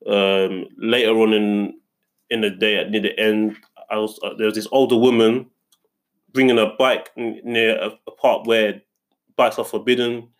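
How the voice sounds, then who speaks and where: A man's voice: fairly low pitch, flat delivery, moderate pace. A young man in casual chat, telling a story indignantly and rambling, with many restarts. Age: young adult.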